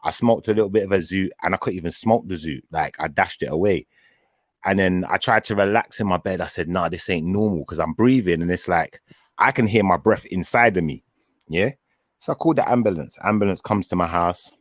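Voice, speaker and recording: A man chatting casually, telling a long personal story with lively acted-out quotes. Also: sits low, fairly quick, dry recording, studio quality. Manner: animated storyteller, acts out his own quoted words. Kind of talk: casual chat.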